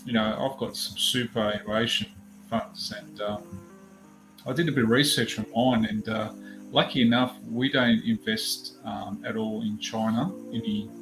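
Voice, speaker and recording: A man's voice: medium pitch, low-quality recording. A man with an Australian accent in casual chat, easygoing and reassuring, often saying "mate" and "you know".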